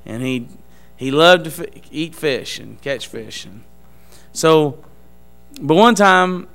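A man giving an earnest testimony in a church service, speaking in a halting, emphatic preaching style. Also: fairly high pitch, expressive, creaky, fairly bright tone, soft background music.

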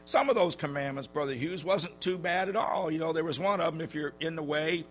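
A man preaching a sermon in a church, telling stories in a folksy way with many halting fillers. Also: a little high, a little hiss or hum.

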